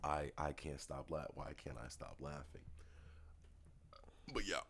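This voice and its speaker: A man's voice: extremely low pitch, steady tone, measured pace, vocal fry, fairly bright tone, slight background noise. A man co-hosting a casual podcast who laughs often, swears freely and eggs his co-host on. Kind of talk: casual chat.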